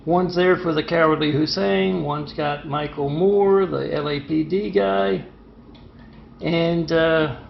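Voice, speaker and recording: A man with a slightly high, gravelly voice rambles through an agitated monologue, stumbling over fillers as he goes. The sound is muffled and lo-fi, bouncing around a reverberant room. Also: fairly even intonation, slow, slight background noise. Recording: echoey, muffled lo-fi room recording.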